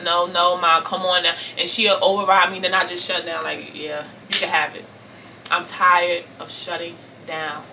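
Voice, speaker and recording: A woman's voice: fairly low pitch, bright, forceful tone, far from the mic, a little hiss or hum. A woman in her forties telling an emotional personal story to her viewers, earnest and repetitive, often calling them y'all. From Brooklyn, New York. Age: 40s. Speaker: vlogger.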